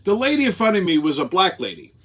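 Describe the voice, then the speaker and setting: A man's voice: high voice, big pitch swings, fast, a bit bright. A man hosting his weekly show, telling an angry, profane story. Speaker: show host. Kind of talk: ranting weekly commentary.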